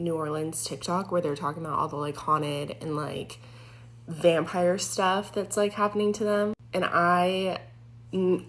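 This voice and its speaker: A woman's voice: fairly low pitch, fairly bright tone. Rambling woman telling a scary storytime. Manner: rambling, many "like" fillers, nervous laughs. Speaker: former EMT telling a story. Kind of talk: storytime monologue.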